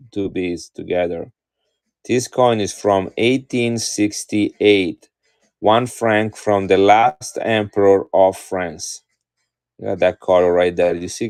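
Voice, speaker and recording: Low-voiced man selling coins live. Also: a little mellow. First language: Italian. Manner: chatty, enthusiastic, addresses viewers directly. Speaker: live-stream coin seller. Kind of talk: casual live-stream selling chat.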